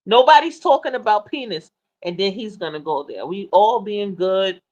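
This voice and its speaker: Woman co-host, playful and teasing, mid-pitched, chatty livestream banter. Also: expressive, normal speed, a little mellow, lo-fi sound. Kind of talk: casual chat.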